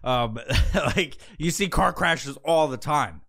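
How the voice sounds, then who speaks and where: Man, fairly high voice, crude sarcastic rant, filler-heavy podcast talk. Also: lively intonation, slow pace, a bit bright. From Pacific Northwest. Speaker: podcast host. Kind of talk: casual profane monologue. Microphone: podcast mic.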